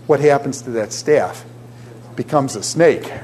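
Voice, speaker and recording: Lively male lecturer questioning his class. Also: mid-range voice, measured pace, slight background noise. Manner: animated, asks the class questions. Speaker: teacher.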